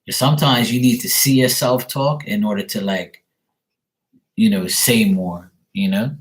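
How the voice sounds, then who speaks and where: A man's voice: lowish voice, unhurried. A young man doing a live tarot reading on camera, relaying messages in a rambling way full of fillers. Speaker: tarot reader. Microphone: webcam at desk.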